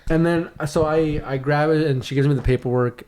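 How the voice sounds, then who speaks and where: A young man with a fairly high voice co-hosts a casual podcast. He tells a story in an animated way, swears freely and jumps in and out of the voices of the people in it. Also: brisk. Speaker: podcast co-host.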